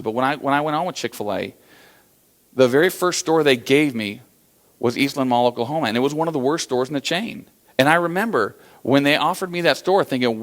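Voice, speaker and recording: A man's voice: mid-range voice, fairly bright tone. Folksy male motivational speaker on stage. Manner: folksy storytelling, conversational. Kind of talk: live keynote talk.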